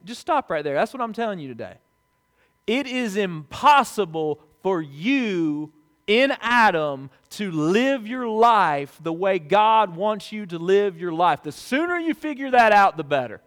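A man pastor delivering a sermon in a conversational way, asking the congregation questions and moving between hushed, quiet asides and emphatic, louder swells. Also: high voice, very animated, unhurried. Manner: conversational preaching with rhetorical questions.

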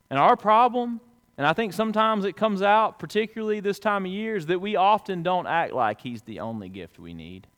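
A man preaching a sermon to a congregation, conversational and folksy, swinging between loud emphatic peaks and hushed low lines. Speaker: pastor.

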